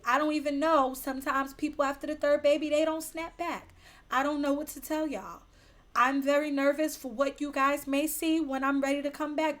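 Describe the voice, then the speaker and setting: A woman hosting a casual livestream, reading viewer comments aloud in a brash, profane and teasing way. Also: high-pitched. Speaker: livestream host.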